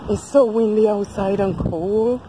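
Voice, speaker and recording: A woman's voice: mid-range voice, steady tone, a little slow, background noise. A woman vlogging casually, chatting to viewers and using baby talk with her dog. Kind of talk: casual vlog chat.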